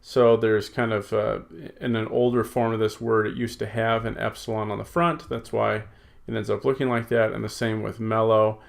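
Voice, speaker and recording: A man's voice: fairly low pitch, little pitch movement, normal speed, gravelly. A man teaching a recorded language lesson at his computer, explaining step by step in a patient, methodical way with frequent fillers. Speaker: Greek teacher.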